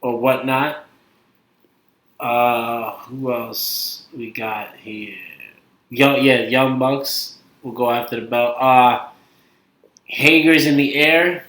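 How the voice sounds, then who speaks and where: This casual podcast features a male co-host with a Brooklyn accent whose talk rambles, hesitates, and frequently trails off, recorded in an echoey room. He speaks slowly at a medium pitch, with fairly even intonation, a slightly bright tone, and long pauses.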